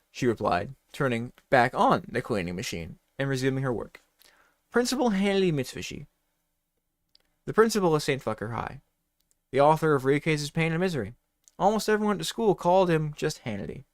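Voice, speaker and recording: A man's voice: on the high side, no echo, studio quality. A man reading a comedy story aloud in a mock-dramatic voice, breaking off for swearing asides.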